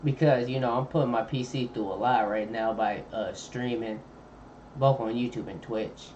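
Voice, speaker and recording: Un homme qui commente une vidéo en direct, avec un ton décontracté et un argot détendu. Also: male voice, medium pitch, steady tone, moderate pace, darkish tone, slight background noise. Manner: laid-back slangy chatter, thinking aloud. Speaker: streamer. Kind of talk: casual live-stream reaction commentary. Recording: dull lo-fi mic with faint ambience.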